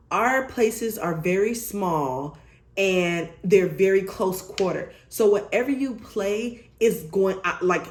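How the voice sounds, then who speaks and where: A young woman vlogger telling a storytime story in an animated, emphatic way, swearing freely. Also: mid-range voice. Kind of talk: storytime vlog. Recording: roomy echo.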